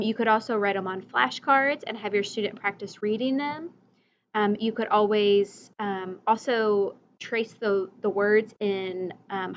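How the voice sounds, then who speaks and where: A woman teacher giving a recorded reading lesson, slowly modeling vocabulary words and letter sounds for young children and their parents. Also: medium pitch, dull audio, slight background noise.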